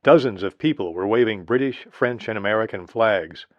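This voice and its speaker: A man narrating a history audiobook in a steady, measured reading. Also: lowish voice, no room sound. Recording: dry, slightly dull lo-fi recording.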